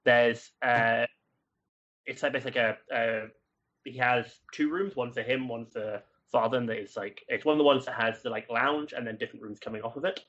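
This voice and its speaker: A man narrating as game master, hesitant with fillers in between, slow and measured when he sets a scene, on a lo-fi recording. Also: mid-range voice, a bit bright.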